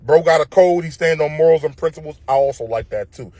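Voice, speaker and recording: A man's voice: a little high, fast talker, mellow, dry recording. A man ranting casually about cartoon characters, profane and opinionated, full of slang and tag questions. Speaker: show commentator. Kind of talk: casual commentary rant.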